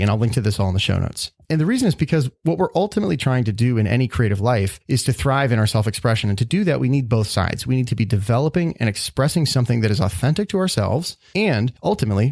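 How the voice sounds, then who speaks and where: A man's voice: medium pitch, gravelly, darkish tone, no room sound, clean studio sound. A man hosting a solo podcast, talking in a thoughtful, earnest, self-reflective way. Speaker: podcast host.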